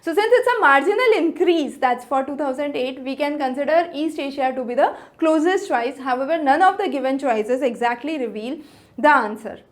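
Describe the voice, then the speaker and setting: A woman's voice: high-pitched, lively intonation, normal speed. A woman tutor explaining exam answers in a methodical way, with an Indian English accent, going through each question step by step.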